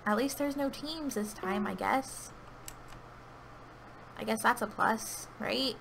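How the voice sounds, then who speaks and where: Woman gamer, fretful live commentary with loud bursts; slight vocal fry, keyboard clatter audible. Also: fairly high pitch, slow, slight background noise, poor audio. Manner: anxious, pleading, bursts of loud excitement. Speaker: gaming video creator. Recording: keyboard clicking audible behind voice.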